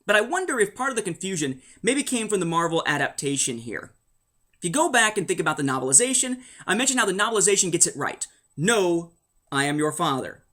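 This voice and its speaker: A man's voice: sits high, very animated, quick pace, sharp tone. Rambling man with wry asides. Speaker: host of a book and comic review show. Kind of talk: casual spoken review.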